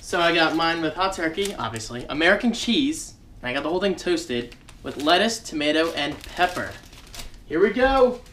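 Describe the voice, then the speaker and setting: A man's voice: on the high side, big pitch swings, moderate pace, fairly bright tone, slight background noise. A man chatting casually to his viewers in a daily vlog, joking and talking to the camera as he goes about his day. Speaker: vlogger.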